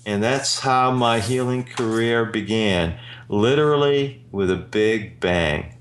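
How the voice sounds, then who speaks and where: Male radio host, low voice, unhurried and earnest storyteller. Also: a little hiss or hum. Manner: slow, earnest anecdote telling. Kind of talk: storytelling on a talk radio show.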